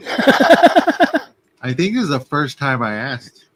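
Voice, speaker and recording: A man at an ordinary middle pitch, tossing out jokes and teasing remarks in a loose online group chat. He speaks easily and casually as one of the panel's co-hosts. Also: wildly swooping pitch, slow, crowd noise.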